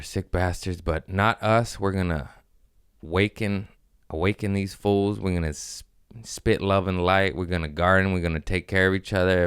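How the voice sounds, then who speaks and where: Podcast host, man, low and smooth, dry close mic, rambling profane storyteller. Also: dry recording. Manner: profane, rambling, quotes people in animated voices. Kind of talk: casual chat.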